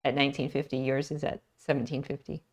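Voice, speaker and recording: A woman playing a tabletop game, talking in a brisk, eager way. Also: a bass voice, little pitch movement. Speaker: player. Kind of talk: casual tabletop game chat.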